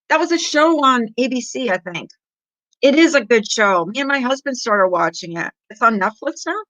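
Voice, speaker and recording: A woman's voice: a little high, animated, normal speed, a bit bright, no echo. A middle-aged woman hosting a casual livestream, chatting with viewers in a rambling way and laughing often. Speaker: livestream host. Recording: dull lo-fi sound.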